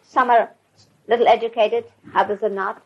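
Husky older woman telling a story. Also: a little high, steady tone, moderate pace. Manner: rambling, conversational, with restarts. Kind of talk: casual anecdotal storytelling. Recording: dull lo-fi recording.

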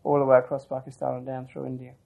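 Guy telling a long story in an interview, middle pitch, rambles a lot with restarts. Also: completely flat delivery, fast talker, vocal fry, dark tone, poor audio. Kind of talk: oral history storytelling.

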